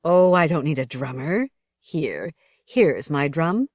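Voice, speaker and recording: Soft-voiced young woman dancer, a woman reading, low-pitched and dry. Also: sing-song, takes it slowly, dry recording, full character voice. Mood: pleading.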